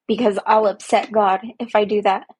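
A woman, likely young adult to middle-aged, hosts a podcast where she reflects sincerely on her life as a parent and repeats key phrases for weight. She speaks at a moderate pace in a flat, medium-pitched voice with a darkish, slightly rough tone.

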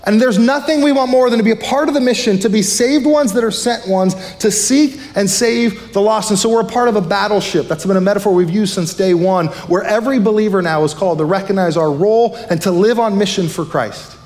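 High-voiced, fired-up male pastor preaching. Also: a little mellow, in a large hall. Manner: fired up, fast-talking preacher. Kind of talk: sermon. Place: church sanctuary.

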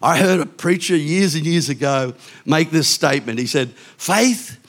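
An older man, a pastor preaching a sermon in a chatty, conversational way with quick asides and restarts. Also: on the high side, lively intonation.

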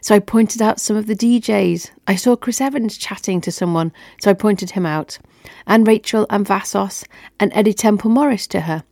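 A woman's voice: medium pitch, moderate pace, creaky, a little mellow, no room sound, clean studio sound. A woman telling a personal story on her podcast in an upbeat, chatty way.

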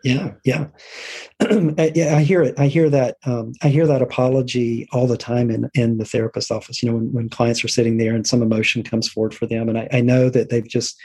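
A man's voice: medium pitch, slightly rough. A middle-aged man, a therapist, speaking reflectively in a conversational interview, often checking in with "right?". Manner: reflective, warm-hearted, frequent "right?" and restarts.

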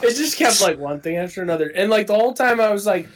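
A man's voice: sits high, expressive, fast, a little hiss or hum. Blunt teasing young man. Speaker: podcast co-host. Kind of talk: casual chat.

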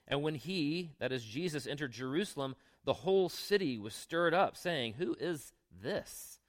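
A younger male pastor delivers a sermon in a relaxed, chatty style, weaving scripture readings together with asides and questions for the congregation. His pitch is medium, his speed normal, and he barely pauses.

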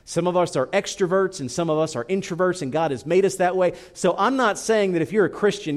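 A male pastor delivering a sermon in a slightly raised voice. He climbs high and loud when he acts out anguished prayers, then sinks low and soft to drive a point home. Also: lively intonation, fairly quick.

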